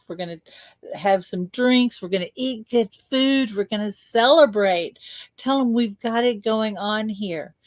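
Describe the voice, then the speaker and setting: Slow playful woman leading a visualization. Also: mid-range voice, no echo. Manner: slow, playful, repeats words for emphasis. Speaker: spiritual coach leading a guided exercise. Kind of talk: guided visualization.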